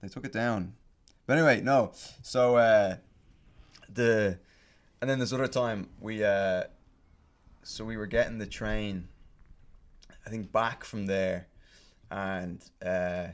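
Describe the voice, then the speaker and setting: A man with a fairly low voice holds the floor on a relaxed podcast. He tells a long, meandering anecdote packed with swearing, ums, likes and restarts. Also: takes it slowly. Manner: rambling, profane storytelling with many fillers. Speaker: podcast guest telling stories. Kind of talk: casual podcast chat.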